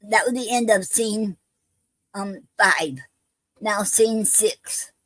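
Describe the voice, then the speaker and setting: A woman's voice: medium pitch, fairly bright tone, dry recording, low-quality recording. A woman hosting a poetry show, reading a play aloud along with its stage directions. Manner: unhurried, reads out stage directions and speaker names.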